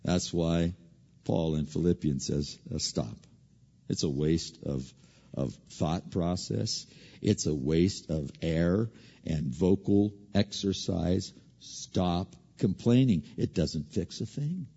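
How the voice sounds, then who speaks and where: Husky gravelly guy preaching, gets loud then hushed, repeats himself, echoey hall. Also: deep voice, slow pace, dull audio. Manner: animated, swinging from loud to hushed; repeats and restarts words. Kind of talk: sermon.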